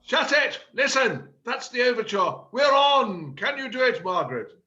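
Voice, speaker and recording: A man's voice: high voice, sing-song, slow, sharp tone, muffled recording, exaggerated voice. A man playing a pompous frantic theatre director. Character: fussy exasperated male panto director. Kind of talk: amateur play reading. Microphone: video call.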